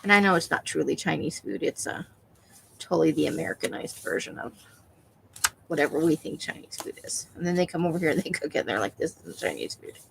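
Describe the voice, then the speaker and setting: A woman's voice: deep voice, fast talker, vocal fry, slight background noise, low-quality recording. A woman hosting a crafting livestream, chatting casually with viewers while she works and laughing often. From Nevada.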